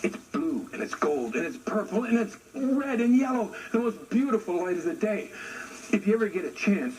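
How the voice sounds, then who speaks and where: A man telling a traditional animal story in an unhurried way, speaking directly to his listeners, in a noisy recording. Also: sits high, very animated, darkish tone. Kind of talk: oral storytelling for an audience.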